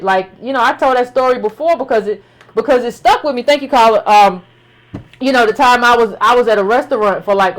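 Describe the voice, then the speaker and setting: High-voiced woman host, animated. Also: low-quality recording. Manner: animated, repeats herself for emphasis, frequent "like". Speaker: host of a call-in show. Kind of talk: casual talk-show commentary.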